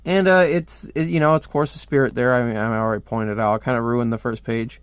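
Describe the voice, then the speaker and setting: Rambling male comic reviewer, crisp dry voice. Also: medium pitch, fairly even intonation, fast talker, hardly any pauses, no room sound. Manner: rambling, lots of "like" and restarts. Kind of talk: casual video review.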